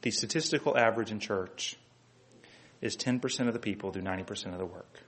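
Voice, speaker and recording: A man's voice: lowish voice, quick pace, fairly bright tone. A man preaching a fervent sermon, firing rhetorical questions at the congregation. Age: adult with children. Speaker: pastor.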